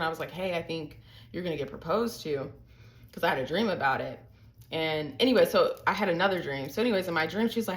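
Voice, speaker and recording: A young woman talks casually to her viewers. Her voice sits a little low, and she tells her stories in a lively way, with sudden jumps in pitch. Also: poor audio. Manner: chatty, animated storytelling with sudden pitch jumps. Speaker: vlogger. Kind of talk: casual chat to camera.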